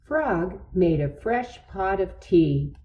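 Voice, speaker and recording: A woman reads a children's story aloud in a gentle, deliberate way. She goes very slowly, and the recording sounds dull and lo-fi. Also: on the low side, lively intonation.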